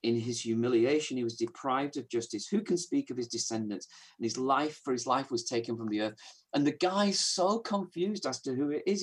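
A man preaching a sermon in an earnest, emphatic way, moving between hushed and raised delivery. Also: mid-range voice, fairly quick, slightly rough.

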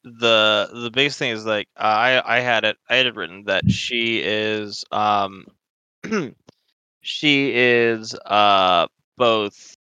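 A man's voice: on the low side, slow pace, sharp tone, clean tone, dry recording, lo-fi sound. A man talking casually about the tabletop campaign he wrote, often hesitating and restarting his sentences. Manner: hesitant, many restarts and fillers. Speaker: campaign author and game master. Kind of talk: casual discussion.

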